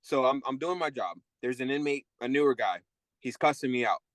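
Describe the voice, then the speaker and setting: A man's voice: mid-range voice, a little fast, a bit bright. A man recalls his years as a correction officer, speaking candidly and at a storyteller's pace. His voice sits in an ordinary middle range. The recording is close and dry, with no room echo. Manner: candid, tells stories acting out inmates' voices. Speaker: guest, former correction officer. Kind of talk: storytelling interview.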